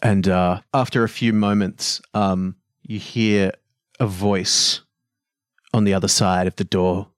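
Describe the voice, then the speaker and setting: A man narrating as game master of a tabletop game, relaxed and halting with fillers. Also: low-pitched, clear, resonant tone, no echo, clean studio sound.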